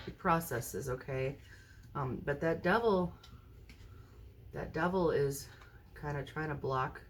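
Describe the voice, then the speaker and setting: Chatty woman with a low voice reading tarot. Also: slow pace, slight background noise. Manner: chatty, keeps checking in with the viewer. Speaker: tarot card reader. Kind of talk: casual tarot reading to camera. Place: indoors at a table, at home. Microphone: phone camera mounted high overhead.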